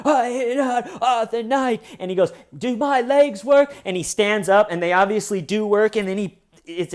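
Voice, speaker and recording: A man hosting a comedy true crime show, telling a story in a mocking, animated way. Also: mid-range voice. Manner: mocking, animated, puts on silly voices in quotes.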